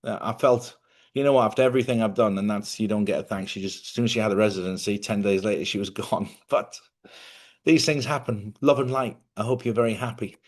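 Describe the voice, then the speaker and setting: A man's voice: fairly low pitch, fairly even intonation, fast. A middle-aged man hosting a casual spiritual talk to viewers, chatty and rambling, correcting himself and laughing often. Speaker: host.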